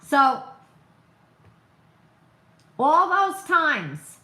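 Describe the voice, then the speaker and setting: A woman's voice: high-pitched, sing-song, very slow, bright, forceful tone, reverberant. A woman with a noticeable accent, hosting an opinionated live stream, who repeats her points emphatically and asks rhetorical questions. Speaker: political livestream host.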